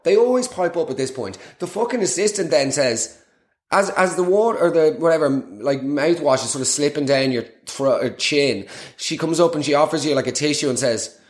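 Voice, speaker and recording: A young man delivering a sweary, mock-outraged comic rant as host of a comedy podcast. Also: a little high. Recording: echoey room.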